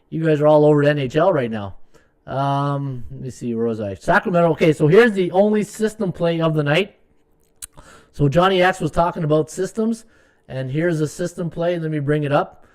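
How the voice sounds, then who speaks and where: Hosting a live sports betting podcast, a man with a high-leaning, darkish voice meanders through stats. Fillers and restarts are frequent, and at moments he mutters to himself as he checks his numbers.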